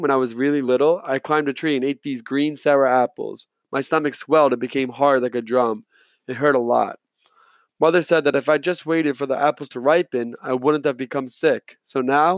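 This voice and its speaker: A man voicing a young boy in an audiobook, a gentle, hopeful child who turns frightened and pleading. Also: mid-range voice, no echo, natural voice. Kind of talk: audiobook character voice.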